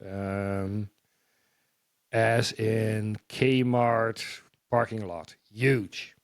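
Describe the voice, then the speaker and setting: A man sharing a personal testimony as a guest, halting and repeating words as he tells his story. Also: fairly low pitch, fairly even intonation, dry recording.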